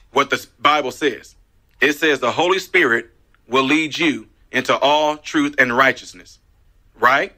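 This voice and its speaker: Bright-voiced male radio host. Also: on the high side. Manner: animated storytelling, emphatic repetitions. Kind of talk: casual radio talk. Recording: radio broadcast.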